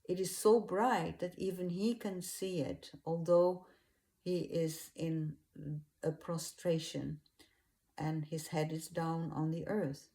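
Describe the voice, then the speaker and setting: A woman retelling a religious story in an unhurried, hesitant way, with fillers and restarts. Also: lowish voice, steady tone, warm tone.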